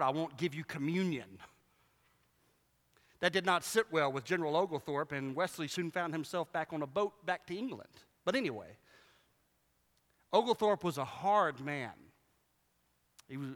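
A man's voice: on the high side, fairly bright tone. A man preaching a sermon, telling stories with animation and acting out the voices of the people he quotes. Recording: long hall reverb.

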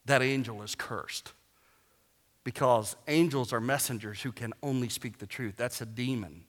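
A male pastor's sermon echoes with long reverb through a large hall, his bright, forceful, medium-pitched voice moving at normal speed. He preaches with emphasis and slips in jokes along the way.

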